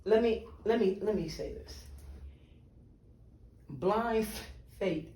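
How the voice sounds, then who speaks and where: High-voiced man, emphatic, in a roomy space. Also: mellow. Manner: emphatic, exclaims "Lord" and "Jesus" in reaction; builds points slowly with rhetorical "right?". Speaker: podcast co-host. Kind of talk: casual conversation about faith. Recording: roomy sound, distant from the mic.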